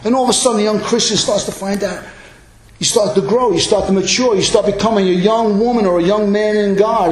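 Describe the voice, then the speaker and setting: A male pastor preaching a sermon, emphatic and building to loud exclamations. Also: high voice, brisk, roomy sound, low-quality recording.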